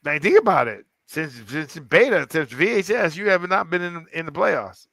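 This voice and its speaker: A man hosts a casual sports talk show, rambling and animated with plenty of restarts. His voice is somewhat high and very bright. The recording is dry and close. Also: normal speed, gravelly, dry recording. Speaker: podcast host. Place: club in downtown Fort Lauderdale.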